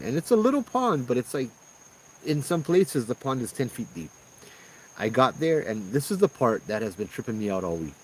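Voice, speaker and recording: Low-voiced man from telling ghost stories. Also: a little hiss or hum, poor audio. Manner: excited rambling storytelling with many fillers. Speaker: paranormal storyteller host. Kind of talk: live-streamed ghost story chat. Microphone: phones streaming live.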